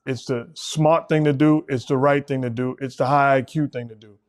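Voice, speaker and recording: A man's voice: mid-range voice, steady tone, moderate pace. A middle-aged man hosting a casual basketball talk show, speaking emphatically and repeating words when he presses a point. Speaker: host, former coach.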